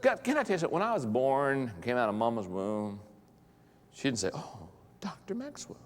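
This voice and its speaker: A man's voice: medium pitch, huge pitch swings, brisk. A middle-aged man giving a humorous motivational talk to pastors, joking and playfully acting out other voices before an audience in a large hall. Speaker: leadership speaker addressing pastors. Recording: long reverb of a large hall.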